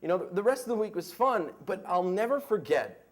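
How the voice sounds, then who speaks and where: A young American man with a fairly high voice that swings up and down a lot as he tells his story. He talks in a loose, casual way, with plenty of "like" and "you know." He is telling a tale at a live story slam. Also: fairly quick. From United States. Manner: casual, animated, heavy use of "like". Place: stage before a live audience.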